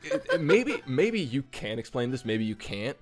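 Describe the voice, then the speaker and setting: Very animated man, teasing. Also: medium pitch, moderate pace, soft background music. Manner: laughing, teasing banter. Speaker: podcast co-host. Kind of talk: casual chat.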